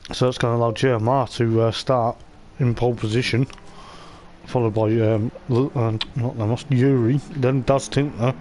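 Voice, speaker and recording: A man's voice: medium pitch, steady tone, moderate pace, a little mellow. Man commentating a sim race over engine noise. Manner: chatty, meandering running commentary. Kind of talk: live sim racing commentary. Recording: clear racing game engine noise behind the voice. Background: race car engine sounds from the game.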